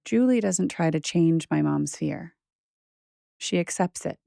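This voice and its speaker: Gravelly, dry woman narrator. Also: sits low, lively intonation, a little slow, dry recording. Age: 30s. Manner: quiet, reflective. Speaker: host and narrator. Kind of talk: scripted documentary narration.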